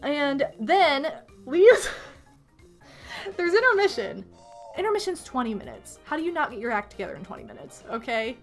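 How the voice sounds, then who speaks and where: A young adult woman streamer ranting to her chat in an exasperated, animated way, swinging between loud outbursts and muttered asides. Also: high voice, moderate pace, long pauses, soft background music.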